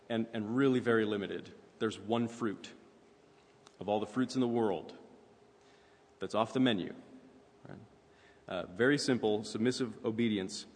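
Lowish male preacher in a reverberant hall. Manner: conversational, with frequent fillers and "right?" asides. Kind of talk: sermon teaching.

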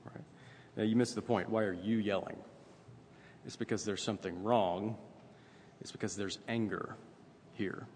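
Lower-voiced man preaching in a reverberant hall. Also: fairly even intonation, normal speed, a little mellow. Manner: conversational preaching, frequent "right?" asides. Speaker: pastor. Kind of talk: sermon. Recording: long reverb, faint ambient noise.

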